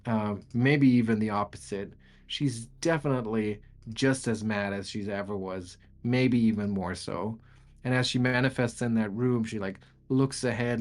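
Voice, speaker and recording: A man narrating a tabletop game as game master, in halting, descriptive narration. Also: fairly low pitch, darkish tone.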